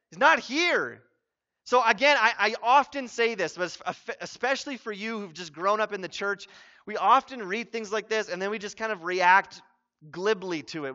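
Male pastor, high bright voice, conversational sermon with emphatic peaks, muffled lo-fi audio. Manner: conversational, grows emphatic and loud when stressing points.

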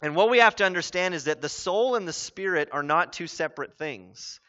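A man preaching a sermon as pastor, earnest and conversational, with animated asides. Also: high voice, brisk. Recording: dull lo-fi sound.

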